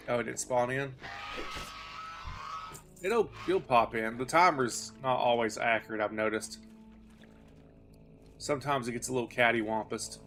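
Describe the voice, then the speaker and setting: A man's voice: medium pitch, a little slow, long pauses, a bit bright, faint music behind. A man in his thirties streaming a game, chatting casually in a rambling, self-deprecating way. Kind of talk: casual chat while playing.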